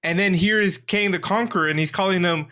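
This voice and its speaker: A man co-hosting a casual podcast chat, playful and excitable, firing off questions. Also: high-pitched, brisk. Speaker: podcast co-host. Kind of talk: casual chat, reacting to a trailer.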